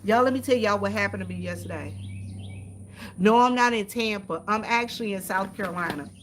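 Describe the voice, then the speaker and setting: A woman with a medium-pitched, slightly bright voice talks casually to viewers on a phone stream, with slight background noise. The vlogger is outdoors in the countryside near horses, repetitive and chatty, addressing everyone as "y'all" over and over.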